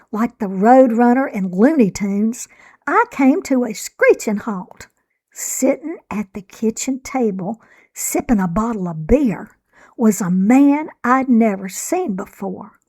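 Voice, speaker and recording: A woman reading her own memoir aloud in a measured, reflective storytelling manner. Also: a little high, a little mellow. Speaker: author and narrator. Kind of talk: scripted memoir narration.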